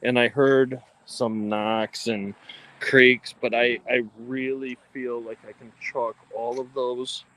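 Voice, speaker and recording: A man's voice: medium pitch, little pitch movement, slow, a bit bright, poor audio. A man co-hosting a livestream, talking casually with lots of ums and restarts, recorded on a phone. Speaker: co-host of a ghost-hunting livestream.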